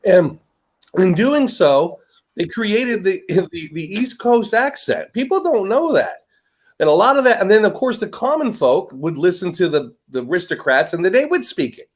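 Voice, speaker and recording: A man with a Southern US accent, talking in an animated, rambling way in a casual chat. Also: high-pitched, normal speed. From United States. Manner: animated, rambling, laughs between points.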